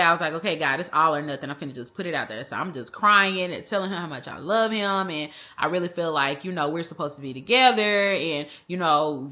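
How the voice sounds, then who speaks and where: A young woman telling a personal story in a casual, animated way, using slang and acting out the other people. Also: fairly low pitch. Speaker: vlogger. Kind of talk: storytime vlog.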